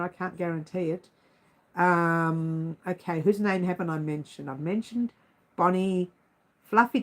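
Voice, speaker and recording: A chatty woman hosting a casual livestream and talking to viewers by name. Her voice sits a little high, and she keeps a lively, animated flow of talk. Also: rough recording. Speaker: livestream host.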